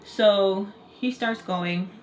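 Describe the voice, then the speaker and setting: A woman's voice: medium pitch, extremely slow, a little hiss or hum. A young adult woman telling a casual storytime vlog, chatty, full of "like" fillers, acting out quotes. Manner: chatty, heavy "like" fillers, animated quoting. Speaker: storytelling vlogger.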